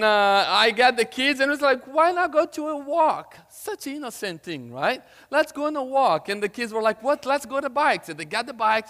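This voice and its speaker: A man with a notably high voice preaches a sermon, telling a family story as he goes. He shifts between booming emphasis and near-whispered asides. His voice rings with the long echo of a large hall. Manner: storytelling, swings from loud to hushed. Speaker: pastor.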